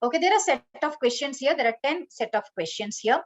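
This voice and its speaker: A woman's voice: high-pitched, animated, fairly quick, low-quality recording. A woman teaching an online training session, instructive, often saying "okay" and "you know". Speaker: corporate trainer.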